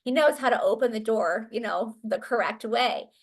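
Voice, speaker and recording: A woman's voice: a little high, moderate pace. A middle-aged woman, a guest in an interview, telling a family story in an earnest, conversational way with fillers and restarts.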